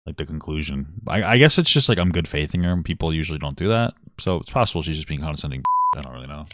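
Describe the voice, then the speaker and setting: A man's voice: very deep voice, expressive, quick pace, a bit bright, no room sound, studio quality. A young man talking through a live stream reaction, blunt, irritated at times, swearing and saying "like" a lot. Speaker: livestream commentator reacting to a video.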